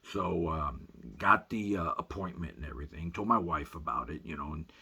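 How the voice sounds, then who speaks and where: A man telling a rambling comic story in a folksy way, filling every pause with "you know", as a voice-over for photos. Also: a bass voice, pushed and bright, slightly rough.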